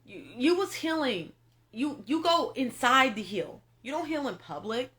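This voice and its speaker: A woman's voice: high-pitched, expressive, unhurried, a bit bright. A young woman doing a tarot reading, talking straight to her viewers in an emphatic, repetitive way that is full of swearing. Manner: emphatic, repetitive, profane, addresses viewers directly. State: tearful at moments. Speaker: tarot reader. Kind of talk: casual spiritual reading monologue.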